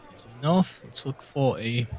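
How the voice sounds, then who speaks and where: A man's voice: medium pitch, lively intonation, moderate pace, a little mellow, some chatter behind. A man playing a tabletop role-playing game who asks casual questions as he plays. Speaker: player.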